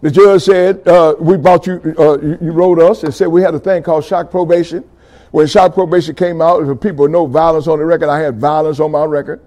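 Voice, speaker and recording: A middle-aged man giving a fervent testimony sermon, calling out to his audience and building to loud passages. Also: a little high, fairly even intonation, brisk. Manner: call-and-response with audience, rising fervor.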